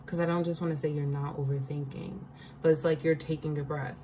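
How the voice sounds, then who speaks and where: A woman's voice: low-pitched, little pitch movement, a little fast, mellow, slight background noise, low-quality recording. A woman giving a casual spiritual card reading, chatty, laughing often and checking in with her listeners.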